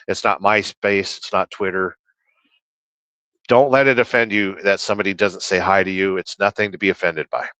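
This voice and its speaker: A man's voice: lowish voice, pushed and bright, clean tone, no echo, low-quality recording. A man livestreaming while trucking, reading chat aloud and rambling through opinions in casual talk.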